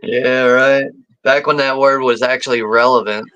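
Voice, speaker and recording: A man's voice: mid-range voice, steady tone, moderate pace, sharp tone, poor audio. A man co-hosting a movie watch party, making crude jokes and laughing often. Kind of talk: casual chat.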